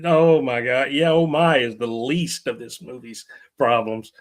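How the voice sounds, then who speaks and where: A man's voice: medium pitch, fairly even intonation, unhurried. A man reviewing a film on a podcast in casual chat, blunt and emphatic as he rants.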